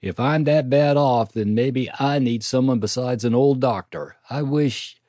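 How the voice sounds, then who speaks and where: A man's voice: mid-range voice, unhurried, mellow, no room sound, studio quality, natural voice. A man voicing a wounded young cowboy, tough but weak, mumbling in a drawl, in a storybook reading.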